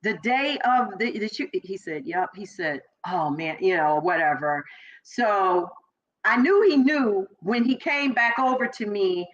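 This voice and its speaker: A middle-aged woman from Chicago, a former police officer, telling her story as an interview guest and acting out the voices of people she quotes. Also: a little slow. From Chicago, Illinois. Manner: animated, acts out quoted voices with big pitch jumps. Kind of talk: personal storytelling in conversation. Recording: slightly dull lo-fi audio.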